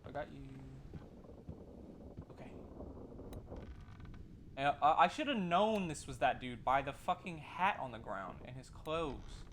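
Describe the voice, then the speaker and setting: A man's voice: medium pitch, lively intonation, unhurried, pauses often, background noise. A man streaming a game live, commenting casually and swearing as he works things out. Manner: profane, thinking aloud.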